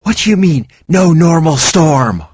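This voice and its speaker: An anxious young heroine who talks fast and sharp under pressure, as a male narrator puts her on. Lifted high above his normal speaking voice, with a lively, swinging pitch. The sound is dry and close. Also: breathy edge, dry recording, exaggerated voice. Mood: urgent. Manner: urgent, sharp.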